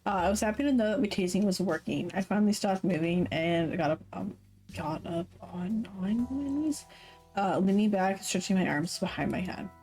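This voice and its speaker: A woman's voice: medium pitch, normal speed, mellow, soft background music, rough recording. A woman streamer reading a visual novel aloud with live commentary, swearing casually, laughing often and correcting herself mid-sentence. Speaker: Twitch streamer.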